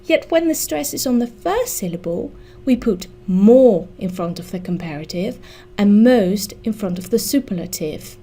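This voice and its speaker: A woman teaching an English grammar lesson, explaining slowly and deliberately and spelling out letters. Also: medium pitch, dark tone, a little hiss or hum.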